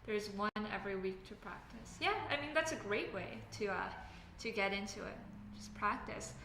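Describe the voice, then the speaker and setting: This Canadian livestream host has a creaky, animated mid-range voice at normal speed. She builds while chatting casually and reading viewer comments, rambling with many fillers and self-corrections. The audio is echoey, with faint background noise.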